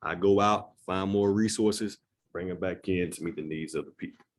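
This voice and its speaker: A man's voice: low-pitched, steady tone, normal speed, slight background noise. A man giving an earnest, conversational community presentation in a church room, often checking in with "right?". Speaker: executive director of a neighborhood nonprofit.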